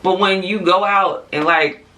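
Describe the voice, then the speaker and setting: A woman vlogger speaks her mind in a casual, unfiltered rant, swearing freely and dropping quick asides to her viewers. Her voice is bright and clear in tone. She sits a little back from the microphone. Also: fairly low pitch, steady tone, far from the mic. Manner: blunt, profane, candid, with frequent asides and laughs. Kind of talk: casual opinion rant to camera.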